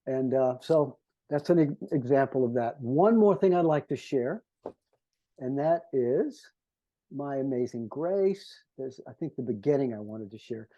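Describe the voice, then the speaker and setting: A man's voice: mid-range voice, expressive, a little slow, mellow, highs cut off. A man, a composer, earnestly explaining his scores to conductors and humming melodies to make his points. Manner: earnest teacher who hums melodies to illustrate.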